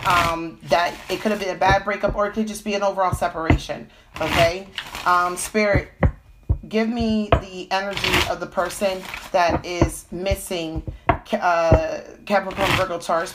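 Woman w a cold doing a tarot livestream, lowish voice, lots of um and okay. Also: fairly even intonation, a little slow, very noisy. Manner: chatty, frequent fillers and "okay?" check-ins. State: has a cold. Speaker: tarot reader. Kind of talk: live-stream tarot reading.

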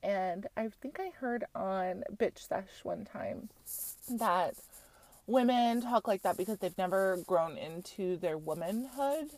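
A woman's voice: medium pitch, expressive, slow pace, a little mellow, no room sound. Frank, chatty woman host with a dry close sound. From Utah. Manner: chatty and frank, full of fillers and swearing. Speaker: podcast host recapping a reality show. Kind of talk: casual chat.

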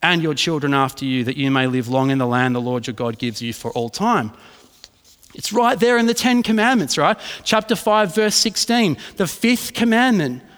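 A man's voice: fairly high pitch, animated, moderate pace, fairly bright tone, clear, resonant tone. A man, a pastor preaching a sermon in a casual storytelling way, often checking in with "right?". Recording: reverberant hall.

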